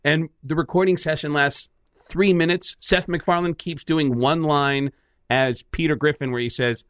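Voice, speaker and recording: A man with a fairly high voice tells a story with lively energy, jumping in and out of voices. He is a comedian guest on talk radio. The sound is dry and a bit dull, lo-fi. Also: moderate pace, no echo. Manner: lively, acts out every quote in voices.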